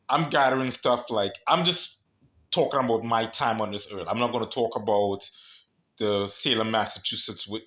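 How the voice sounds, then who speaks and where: A man's voice: on the low side, a bit bright. Rambling conspiratorial man. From United States. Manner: rambling, conspiratorial, peppers talk with "you know what I mean". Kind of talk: rambling casual monologue.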